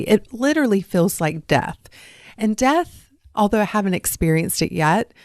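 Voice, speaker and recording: Her voice is mid-range and a little mellow as this Southern woman, accent faint, addresses listeners directly and encouragingly on her solo life-coaching podcast. There's no echo, and the sound is studio quality.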